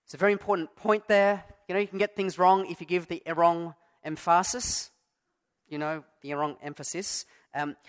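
A man's voice: high voice, normal speed, fairly bright tone. A man preaching a sermon as pastor, conversational and self-deprecating, stressing key words. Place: church.

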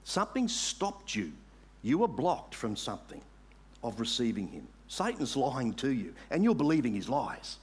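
A man preaching a sermon, making earnest appeals to the congregation and reading scripture aloud slowly. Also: medium pitch, sing-song, husky. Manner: earnest, rising to emphatic appeals.

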